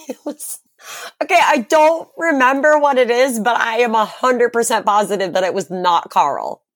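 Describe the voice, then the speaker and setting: Young woman, podcast co-host, profane storyteller, slightly high voice, dry close sound. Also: normal speed, dry recording. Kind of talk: casual chat.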